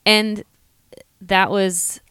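A woman's voice: mid-range voice, flat delivery, pushed and bright, clear, resonant tone, dry recording, studio quality. A woman co-hosting a podcast, discussing a film in a chatty way full of "like". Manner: chatty, lots of "like", quick laughs. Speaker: podcast co-host.

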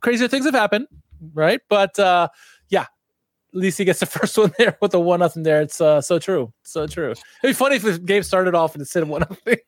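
A man's voice: high-pitched, animated, a little fast, no room sound, studio quality. A man co-hosting a casual podcast, reading out posts and laughing often. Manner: laughs often, reads out tweets. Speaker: podcast co-host. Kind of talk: casual chat.

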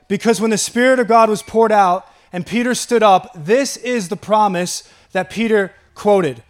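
Man, Long Island accent, preaching a sermon, high voice, reads scripture aloud. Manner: preaching to a congregation, quoting and reading scripture; chuckles between points. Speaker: pastor.

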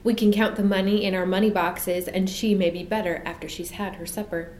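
A woman voicing a sensible older girl who talks in a brisk, practical way. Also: mid-range voice, steady tone, darkish tone, roomy sound, slight background noise, lightly acted.

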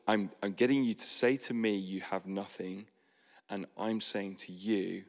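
A man preaching a sermon as a pastor, earnest and soft-spoken with sudden emphatic rises. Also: low voice. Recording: long hall reverb.

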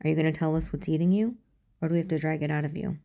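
A woman reading a fan fiction audiobook, voicing a fierce, blunt but tender woman engineer who talks in a brisk way. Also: sits low, fairly even intonation, dark tone. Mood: firm.

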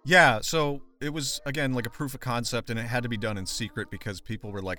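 A man's voice: medium pitch, fairly even intonation, fairly quick, few pauses, pushed and bright, faint music behind. A man hosting a history podcast, telling the story in a jokey, casual way while sick with a sore throat. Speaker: podcast co-host.

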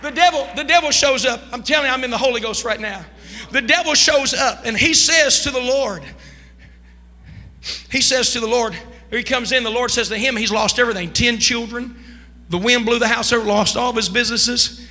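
A man preaching a sermon from the pulpit, swinging between quiet asides and loud, sung shouts. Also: very high-pitched, big-room sound, some chatter behind. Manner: preaching with rising shouts and sung, drawn-out lines. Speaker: pastor. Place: church sanctuary.

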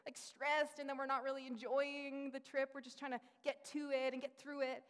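A woman in her thirties preaches to a congregation, her voice sitting a little high. She tells family stories and acts out the voices of the people in them. Her voice carries a long reverb, as in a large hall. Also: fast talker, hardly any pauses. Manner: animated storytelling, acting out quoted voices. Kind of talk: sermon with personal stories.

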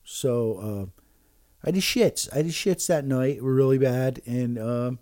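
A man's voice: medium pitch, slow, darkish tone, dry recording, studio quality. A man hosting a podcast alone, rambling and swearing with many fillers and restarts while taking shots of liquor. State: drinking shots while talking. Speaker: podcast host. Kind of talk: casual rambling monologue.

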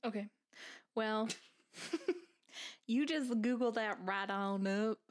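A woman's voice: a little high, takes it slowly. A woman co-hosting a casual chat, teasing and joking with her friend. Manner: teasing, jokey banter. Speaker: podcast co-host.

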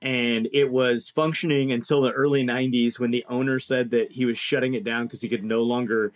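A man telling a long story in casual chat, animated and profane, acting out the people he quotes. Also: mid-range voice, fairly quick. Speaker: podcast co-host telling a story.

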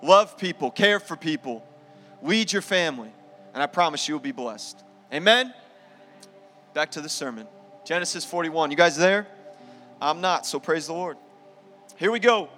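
A man's voice: on the high side, lively intonation, moderate pace, pauses often, bright, forceful tone. A man preaching a sermon to his church, emphatic, mixing scripture reading with casual asides. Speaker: pastor. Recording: live sermon in a reverberant church hall with faint music.

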